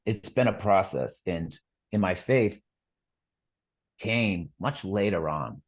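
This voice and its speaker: A man's voice: deep voice, expressive, takes it slowly, highs cut off. A middle-aged man, a podcast guest, telling his story earnestly in a rambling casual way with lots of fillers and restarts.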